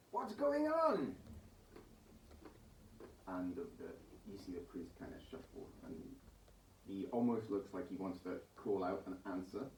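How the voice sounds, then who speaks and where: A male game master narrates a tabletop game in a fairly low voice, stopping and restarting often. He sounds distant from the mic in an echoey room, with faint noise behind him. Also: darkish tone. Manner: halting, with many restarts.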